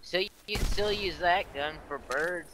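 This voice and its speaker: A man's voice: sits high, unhurried, a crowd in the background, poor audio. A man giving casual gameplay commentary, with dry quips and stammering restarts. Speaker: gaming video co-host.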